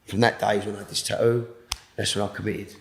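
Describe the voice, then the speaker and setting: A man with a British accent giving an emotional personal testimony in an interview, halting and repeating words, sinking to a hush at the most intense moments. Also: on the low side, flat delivery, creaky, reverberant, a little hiss or hum. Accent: British English. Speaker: interviewee telling his testimony.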